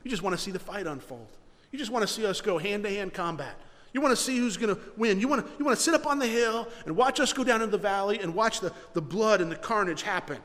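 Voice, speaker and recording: A pastor putting on a sneering young man who belittles his little brother, dismissive and quick to brush him off. His voice sits high and rings out with a long echo. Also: lively intonation, a bit bright. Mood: scornful.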